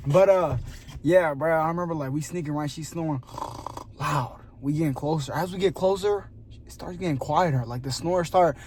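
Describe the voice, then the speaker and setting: At night in a gym parking lot, a young vlogger with a high, light voice tells a long story directly to his camera in casual slang, recorded on a phone or camera mic with a little hiss or hum. He speaks at a moderate pace, gets animated and laughs a lot, then lowers to a hush to build suspense.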